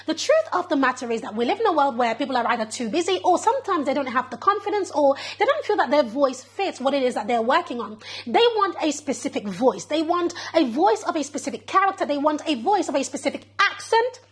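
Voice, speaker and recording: A woman's voice: sits high, big pitch swings, fairly quick. A woman hosting her own channel, talking to camera in a chatty, encouraging way and calling the viewer darling and girl. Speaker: business coach and channel host. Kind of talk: upbeat talk to camera.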